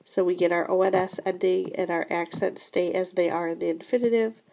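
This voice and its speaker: A woman teaching a recorded French lesson, explaining grammar slowly and patiently, often repeating "remember" and "so again". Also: lowish voice, fairly even intonation, vocal fry, warm tone.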